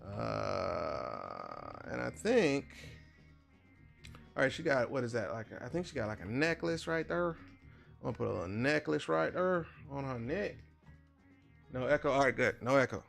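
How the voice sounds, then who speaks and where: While drawing digitally on stream, this father talks straight to chat, joking and chatting easily. He sounds very animated yet a little slow, with a creaky, fairly bright mid-pitched voice and long pauses. Soft music runs underneath.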